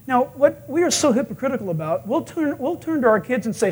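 A male pastor preaching a sermon, telling stories with animated acted-out quotes and chuckles. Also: very high voice, fast, hardly any pauses, husky.

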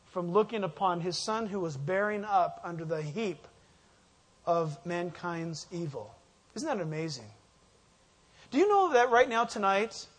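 Male pastor, high voice, emphatic sermon style, asks the room to finish his sentences. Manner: emphatic, asks the congregation fill-in questions. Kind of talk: sermon, verse-by-verse Bible teaching.

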